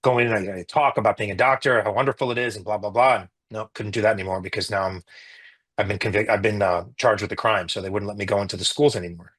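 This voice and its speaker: Husky middle-aged man, earnest and indignant. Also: lowish voice, fairly even intonation, fast, a bit bright. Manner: earnest, with frequent restarts and rising indignation. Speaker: emergency physician and interview guest. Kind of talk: emotional personal account in an interview.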